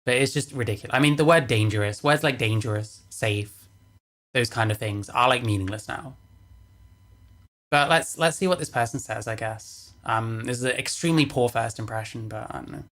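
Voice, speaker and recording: A woman's voice: extremely low pitch, normal speed, a bit bright. A woman reacting to a video on stream, sarcastic, swearing and dismissive in casual commentary.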